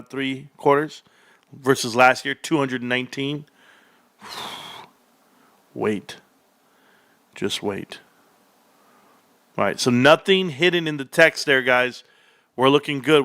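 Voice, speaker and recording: An excitable man hosts a live stream, reacting to an earnings report. His voice is bright and forceful, recorded dry and close with no room around it. He reads figures aloud, then suddenly jumps up in pitch and shouts. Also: smooth, no room sound. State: out of breath. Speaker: stock livestream host.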